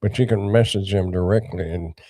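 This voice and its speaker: A man's voice: low-pitched, fairly even intonation, moderate pace, warm tone, no room sound, clean studio sound. An older man hosting a casual livestream, rambling and greeting viewers by name. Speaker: livestream host.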